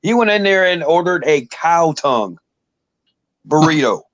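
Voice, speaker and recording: A man telling a story in casual chat, animated and acting out the voices of the people he quotes. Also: fairly high pitch, a little slow, dry recording, muffled recording.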